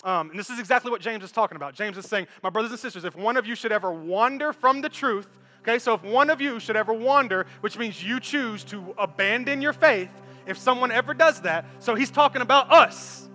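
A man's voice: high voice, a little fast, hardly any pauses. Guy pastor preaching in church, chatty and jokey, echo from the big hall, faint music. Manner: animated, conversational, repeats words, jokes with congregation. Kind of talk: energetic sermon with stage demonstration.

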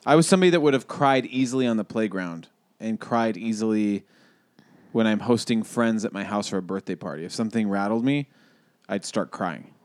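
A man's voice: fairly low pitch, fairly quick, a little mellow, no echo, studio quality. A man in his thirties co-hosting a podcast, talking casually and reflectively with many restarts. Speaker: podcast co-host.

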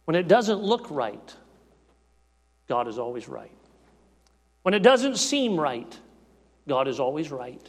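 A man preaching a sermon in rhythmic, repeating phrases, rising to shouts and dropping to hushed tones. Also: very animated, slow pace, pauses often, breathy edge. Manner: rhythmic repetition, swinging between shouted peaks and hushed lows. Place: church sanctuary. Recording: long reverb of a church hall.

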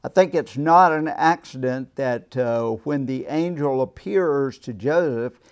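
A man teaching an evening Bible class, speaking in a thoughtful, unhurried way with frequent restarts and pauses. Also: mid-range voice, clean tone. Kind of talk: Bible class lecture with discussion.

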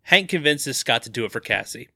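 A man co-hosting a casual podcast, recapping the plot quickly and laughing often. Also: mid-range voice, lively intonation, vocal fry, pushed and bright, dry recording, clean studio sound.

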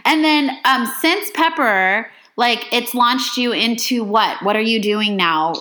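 Bright, encouraging woman host. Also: a little high, a little slow, rough recording. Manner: supportive, brief encouraging replies. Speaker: podcast host. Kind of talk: casual interview chat.

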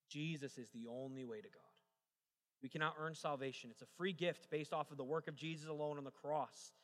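A young adult pastor with a fairly high, fairly bright voice delivers a sermon, shifting from joking stories into emphatic preaching. A large hall's long reverb fills the recording.

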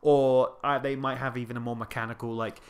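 A man's voice: mid-range voice, level tone, fairly quick, smooth. A man co-hosting a podcast in wry, rambling casual chat. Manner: wry, rambling, laughs easily. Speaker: podcast co-host.

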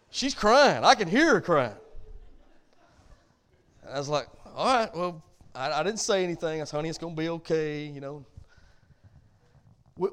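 A man's voice: high voice, fairly bright tone. A middle-aged man, preaching a sermon as pastor in a folksy way that builds to emphatic points.

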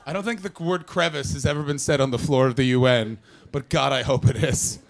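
A man from Canada doing brash, profane stand-up crowd work, often jumping into loud shouted voices. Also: mid-range voice, fairly quick, creaky, few pauses. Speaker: stand-up comedian. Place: comedy club with audience.

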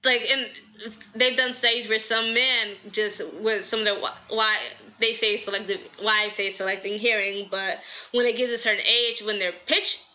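Bubbly bright-voiced woman podcaster. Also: fairly high pitch, flat delivery, normal speed, lo-fi sound. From Southern United States. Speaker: podcast host. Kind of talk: casual advice talk.

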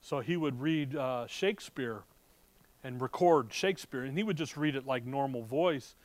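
A man's voice: mid-range voice, normal speed, no echo. A man teaching a conversational sermon to a room of listeners, talking casually with rhetorical questions and wry asides. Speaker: Bible teacher. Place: room with a live audience.

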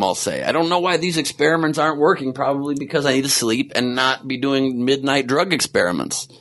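A man's voice: medium pitch, creaky, a bit bright. A man hosting a podcast in casual, rambling chat, joking at his own expense and sleep-deprived. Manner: rambling, self-mocking, jokey asides. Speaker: podcast host.

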